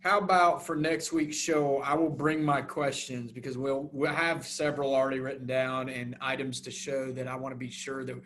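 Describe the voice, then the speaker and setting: A man's voice: medium pitch, flat delivery, normal speed, few pauses, a bit bright, a little hiss or hum. A man co-hosting a podcast in casual chat, hesitant with many fillers, and defensive when teased. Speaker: podcast co-host.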